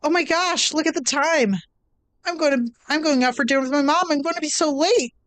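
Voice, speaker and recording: A bubbly, clumsy schoolgirl squealing with breathless excitement, played by a woman reading a game aloud. Her voice jumps well above the reader's own, bright and eager, with a close, dry sound. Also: sits high, brisk, no echo, pitched above the performer's own voice. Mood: giddy.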